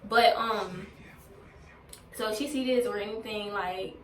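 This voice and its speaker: A woman's voice: mid-range voice, a little slow, a bit bright, a little hiss or hum. A woman telling a storytime on her vlog in a blunt, heavily profane, venting way. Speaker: vlogger. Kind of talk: casual storytime rant. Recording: roomy, distant from mic.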